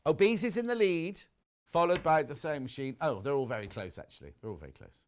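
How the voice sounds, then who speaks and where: A man's voice: fairly high pitch, expressive, quick pace, slight background noise. A man hosting a live shopping channel show from a TV studio, showing products in a chatty, teasing way.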